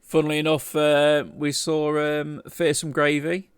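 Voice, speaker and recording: A man's voice: a little high, monotone, unhurried, clean tone, dry recording, studio quality. A man, co-hosting a casual chat podcast and rambling through stories with laughs. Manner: rambling, laughing, acts out quoted voices. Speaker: podcast co-host.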